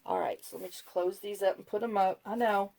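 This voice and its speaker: Woman crafting vlogger, mid-pitched and gravelly, rambling and apologetic, casual chat at her craft desk. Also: brisk, noisy background. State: overcaffeinated.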